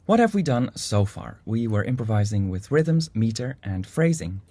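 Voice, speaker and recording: A man teaching a music improvisation lesson in a calm, explanatory way. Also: on the low side, moderate pace, background noise. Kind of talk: instructional video lesson.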